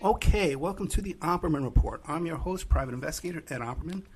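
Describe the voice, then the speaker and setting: A man's voice: on the high side, lively intonation, fast talker, a little mellow, soft background music. A man hosting a podcast interview, talking casually and loosely with many fillers. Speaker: host.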